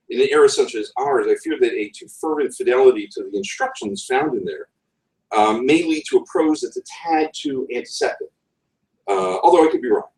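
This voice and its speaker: A man with a New England accent giving a conference talk on writing, wry and digressive, often pausing on ums and restarting his phrases. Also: medium pitch, darkish tone. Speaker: conference speaker. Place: conference session room. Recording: roomy room, voice from far off.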